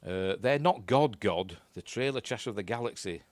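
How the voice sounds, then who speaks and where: A man's voice: lowish voice, lively intonation, moderate pace, dry recording. A man with a Yorkshire accent giving a casual, rambling commentary while watching a film, often unsure of himself and chuckling at his own asides. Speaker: film reviewer.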